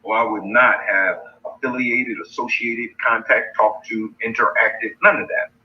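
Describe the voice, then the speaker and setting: A man's voice: medium pitch, steady tone, moderate pace. A man hosting a livestream, mocking and challenging his critics in a taunting rant. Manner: mocking, challenging, repeats insults. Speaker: livestream host. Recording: dull lo-fi stream audio.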